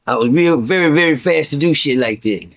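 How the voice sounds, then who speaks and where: Profane middle-aged man, higher voice. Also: animated, a little fast, a bit bright. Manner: profane, repetitive, stammering restarts. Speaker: guest storyteller. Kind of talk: casual storytelling to viewers.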